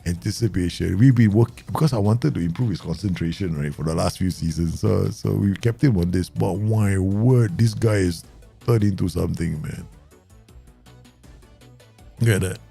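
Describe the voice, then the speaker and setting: Excitable gravelly man playing a football game. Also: sits low, normal speed, faint music behind. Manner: excitable, laughs often, talks to viewers. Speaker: gaming YouTuber. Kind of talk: Football Manager let's play commentary.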